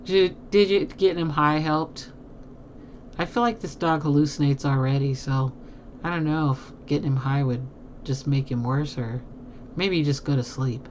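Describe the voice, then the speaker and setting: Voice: medium pitch, fairly even intonation, normal speed, dull audio, a little hiss or hum. Chatty streamer who laughs a lot. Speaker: live streamer. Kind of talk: casual chat with viewers. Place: at a home desk.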